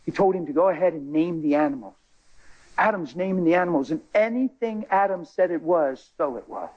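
A brisk, animated man gives an emotional testimony to a church, emphatic and impassioned, his voice ranging from high cries to low murmurs. The sound is lo-fi.

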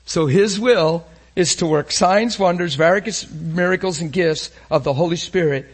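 A man preaching a sermon with intensity, moving between loud emphatic lines and hushed near-whispers and putting rhetorical questions to his listeners. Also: high-pitched, measured pace, slightly rough.

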